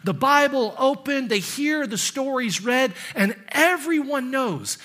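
A man preaching a sermon in a church, building up loud and high on scripture, then dropping low and soft at the ends of phrases. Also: expressive, unhurried. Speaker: pastor. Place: church sanctuary.

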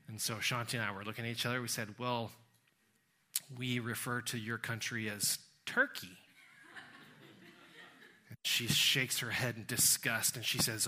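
A middle-aged man with a Texan accent preaching a sermon, telling a travel story with quoted voices and slowing down to stress key words. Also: a little high, pushed and bright. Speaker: pastor.

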